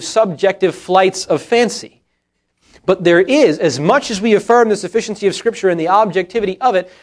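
A pastor delivering a sermon with a high, light voice. He preaches earnestly and with emphasis. He lingers slowly over the verses he quotes. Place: church sanctuary.

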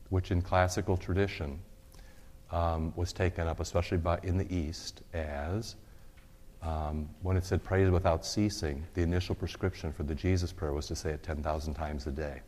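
A very deep-voiced man preaches a sermon, earnest and exhorting, with quick asides. He repeats a prayer slowly, his voice dropping away at the ends of lines. His voice rings with the long reverb of a large church hall. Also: darkish tone.

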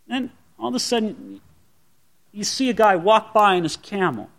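A male pastor preaching a sermon, telling the story in an animated way and speaking straight to his congregation. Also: high-pitched, normal speed, creaky. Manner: animated storytelling, addresses the listener directly.

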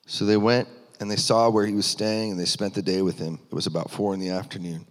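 This pastor's sermon comes fast in a lowish, flat voice, yet it's earnest, rising for emphasis with many restarts. Long hall reverb colors the recording.

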